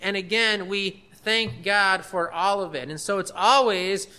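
High, bright-voiced man preaching a sermon. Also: a little slow, smooth. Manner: earnest, emphatic repetition. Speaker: pastor. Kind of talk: expository sermon.

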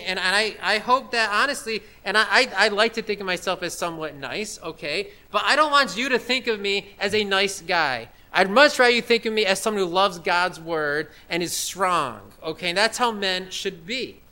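A man delivering a sermon with a high, piercing voice. He drives home points through blunt repetition, stacking short forceful declarations. Now and then he stumbles and restarts mid-thought. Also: moderate pace, few pauses. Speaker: pastor.

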